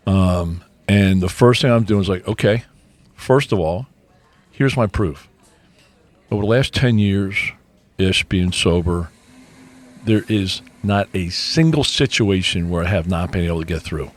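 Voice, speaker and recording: Middle-aged guy cohosting a podcast, bit hoarse, low voice, keeps restarting his sentences. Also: measured pace. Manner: earnest, with many restarts and repeated words. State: slightly hoarse. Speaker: podcast co-host. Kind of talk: casual chat.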